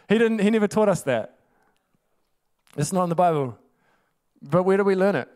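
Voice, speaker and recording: A man's voice: high voice, expressive, measured pace, a little mellow. A man preaching a casual, conversational sermon, laughing often and tossing in rhetorical asides.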